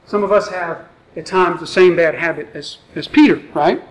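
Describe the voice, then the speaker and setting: A man's voice: fairly high pitch, moderate pace, poor audio. A man preaching a sermon, reading scripture aloud and then explaining it in a conversational way with rhetorical questions. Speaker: pastor. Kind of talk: expository sermon.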